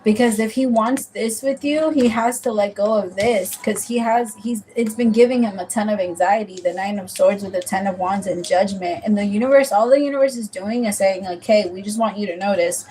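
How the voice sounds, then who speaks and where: A woman's voice: mid-range voice, steady tone, normal speed, hardly any pauses, mellow, slight background noise, low-quality recording. A woman giving a casual, rambling tarot reading, chatting freely and calling the listener "my love". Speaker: tarot reader.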